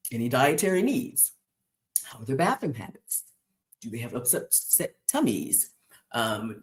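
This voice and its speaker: A man hosting a podcast, chatting casually and rambling through listener questions with many fillers, restarts and chuckles. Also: medium pitch. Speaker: podcast host. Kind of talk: casual solo chat answering listener questions.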